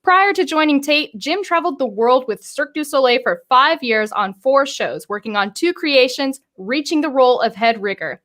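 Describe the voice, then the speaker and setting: A woman hosting a live-streamed career interview, bubbly and excitable, often stumbling over her words. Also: high voice, moderate pace, hardly any pauses. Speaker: host.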